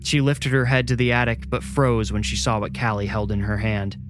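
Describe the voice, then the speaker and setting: A man narrating a scripted horror story in a measured, suspenseful way. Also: fairly low pitch, steady tone, over music.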